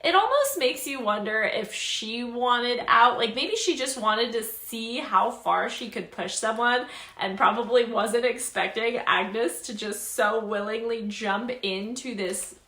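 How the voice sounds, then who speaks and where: A young woman recapping a story in a casual, chatty, expressive way, laughing often. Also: a little high, unhurried, reverberant. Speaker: book reviewer.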